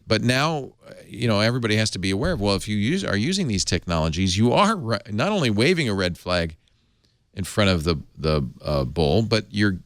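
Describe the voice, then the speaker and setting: Lively low-voiced male tech show host. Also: no room sound, clean studio sound. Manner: animated, explanatory, editorializing. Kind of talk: tech panel discussion.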